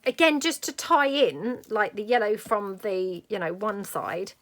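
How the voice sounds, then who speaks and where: A woman's voice: mid-range voice, a little slow, a bit bright. A middle-aged woman chatting casually through a crafting tutorial, thinking aloud as she works. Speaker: craft vlogger.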